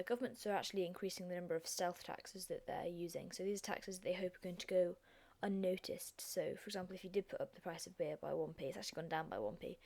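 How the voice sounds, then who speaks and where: A young woman with a croaky, hoarse voice, hosting a chatty, self-deprecating revision lesson. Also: fairly low pitch, a little mellow. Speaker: revision video host.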